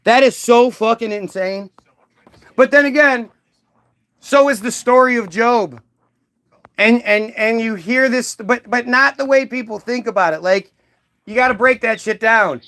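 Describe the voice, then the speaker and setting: A man's voice: extremely high pitch, a little slow, fairly bright tone. A man doing a profane, mocking stand-up comedy rant, slipping into silly voices for characters.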